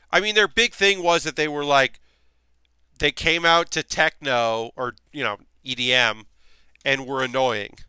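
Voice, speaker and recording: Brief: male streamer, bright tense voice, rambly casual chat from a home workshop. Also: on the high side, clean tone, dry recording, clean studio sound. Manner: rambling, chatty, many fillers. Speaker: streamer building costume armor.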